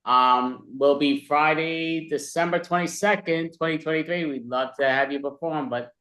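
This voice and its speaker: Scattered host in a roomy space. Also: male voice, fairly high pitch, moderate pace, bright, forceful tone. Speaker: show host. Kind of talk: hosting an online comedy show.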